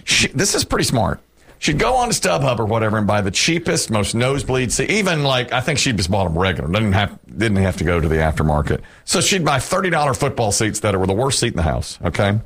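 A man with a low, lively voice hosts a radio talk show. He tells stories with a lilt, jumping up in pitch to act out the people he quotes. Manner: animated storyteller, acts out quotes with big pitch jumps. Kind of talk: casual radio chat and storytelling.

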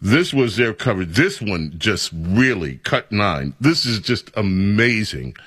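A man's voice: on the low side, sing-song, measured pace, fairly bright tone, breathy edge, no echo. A man hosting a talk radio show, with rambling, incredulous commentary.

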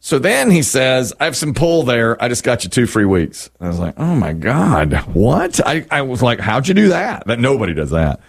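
Lively middle-aged man telling a story. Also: mid-range voice, moderate pace, gravelly, few pauses, husky. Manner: animated storyteller, acts out quotes. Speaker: radio show co-host. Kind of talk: casual radio banter.

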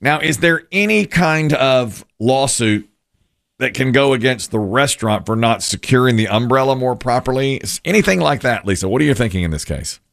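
A man's voice: mid-range voice, expressive, normal speed, creaky, fairly bright tone. A man hosting a radio talk show, telling stories with plenty of laughter. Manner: laughing storyteller. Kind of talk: joking radio banter.

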